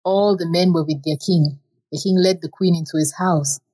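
A woman reading a folk tale aloud in a plain, steady storytelling manner. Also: fairly low pitch, moderate pace, breathy edge, low-quality recording. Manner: plain, steady storytelling with simple repeated phrasing.

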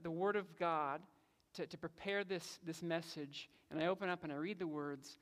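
A man's voice: a little high, steady tone, moderate pace. Earnest male pastor in a reverberant hall. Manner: earnest, conversational, frequent word repeats. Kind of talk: sermon.

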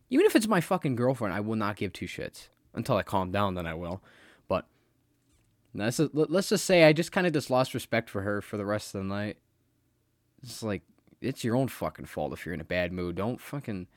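A man's voice: on the low side, no room sound, clean studio sound. A young man hosting a solo podcast, rambling and blunt, swearing freely as he talks. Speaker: podcast host. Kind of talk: casual solo podcast monologue.

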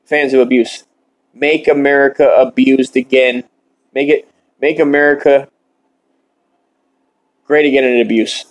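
A man hosting a podcast, delivering a shock-comedy monologue in a deadpan, mock-earnest rant while smoking. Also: medium pitch, measured pace, long pauses, poor audio. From Ireland. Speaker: podcast host.

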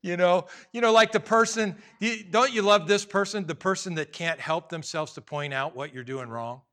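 Male pastor, bright slightly high voice, chatty joking sermon delivery. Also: moderate pace. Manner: conversational preaching with humor and acted asides.

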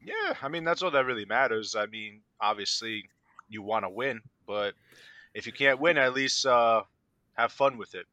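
A man's voice: mid-range voice, moderate pace, bright, forceful tone, no room sound, muffled recording. Co-host, easygoing man, dry close mic. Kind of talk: casual chat.

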